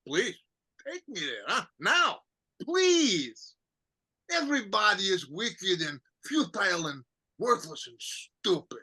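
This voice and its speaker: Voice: medium pitch, big pitch swings, slow, bright, forceful tone, breathy edge, heavily acted. An actor reading the part of a bitter, mocking aging count who laughs at himself and breaks into tears, in an amateur play reading.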